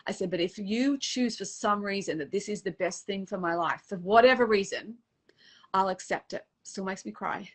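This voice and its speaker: A middle-aged woman who works as a dating coach shares a personal story in a casual interview, animated and emotional as she acts out the quotes. Her husky voice sits in the mid range, at a moderate pace.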